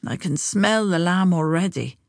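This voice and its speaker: A woman's voice: fairly low pitch, lively intonation, measured pace, no room sound, studio quality. A woman voicing a grumbling old man looking forward to his meal.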